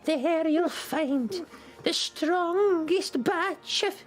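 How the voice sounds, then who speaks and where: A man's voice: very high voice, soft background music, voice pushed up, exaggerated voice. Madam Mouse, a man doing an eerie old woman. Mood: mysterious. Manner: slow, drawn-out, mysterious. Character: strange old woman rocking in a wicker chair.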